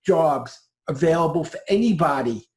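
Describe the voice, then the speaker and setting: A man's voice: fairly high pitch, animated, moderate pace, darkish tone, reverberant. A man who is a guest on a podcast, teaching speed reading. He gives direct, upbeat, step-by-step instructions.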